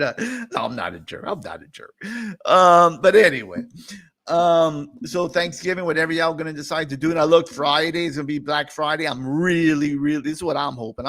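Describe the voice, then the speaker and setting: A middle-aged man chats casually and rambles through his stream, laughing now and then. His voice sits a bit high for a man. The sound is dry and close, with no room around it. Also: fairly bright tone, no room sound. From New Orleans area. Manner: rambling, chatty, laughs often. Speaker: host. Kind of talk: casual livestream chat.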